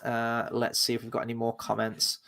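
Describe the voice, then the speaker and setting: A man, co-hosting a casual film-review podcast and talking about movies with relaxed enthusiasm. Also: medium pitch, a little fast, gravelly. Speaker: podcast co-host.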